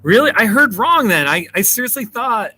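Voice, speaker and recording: A man's voice: sits high, sing-song, normal speed, bright, forceful tone. An American man hosting a casual livestream, chatting with viewers by name and laughing often. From United States. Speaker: livestream host. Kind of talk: casual livestream chat reading viewer comments. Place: home in Colorado.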